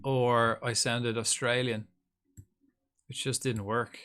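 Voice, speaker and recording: A man's voice: mid-range voice, flat delivery, takes it slowly, a bit bright, smooth. A man streaming a game live, chatting casually and rambling to his viewers. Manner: rambling, chatty, talks to chat by name. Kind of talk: casual live-stream chat while gaming.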